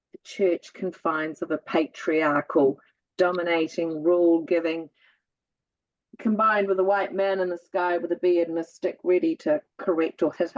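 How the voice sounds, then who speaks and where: A woman's voice: fairly low pitch, no room sound, dull audio. Musical-voiced woman telling stories. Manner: lively storyteller with a musical cadence. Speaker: guest. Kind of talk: casual chat.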